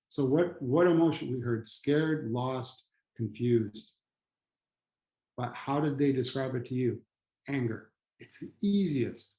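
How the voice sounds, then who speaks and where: A man's voice: takes it slowly, warm tone. Man lecturing casually in an echoey room. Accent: Canadian English. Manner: conversational, acts out quoted people with pitch jumps. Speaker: trainer. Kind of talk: online training lecture.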